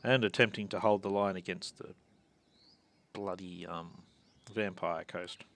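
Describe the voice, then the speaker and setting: Brief: low, gravelly male host, muttered self-mocking game commentary. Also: steady tone, a little slow, fairly bright tone. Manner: muttering, thinking aloud, self-deprecating. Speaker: gaming channel host.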